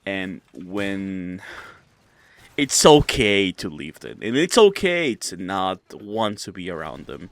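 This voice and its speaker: A man's voice: low voice, big pitch swings, takes it slowly, no room sound. A young man giving casual advice in a rambling, profane way, often stammering and restarting. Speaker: vlogger.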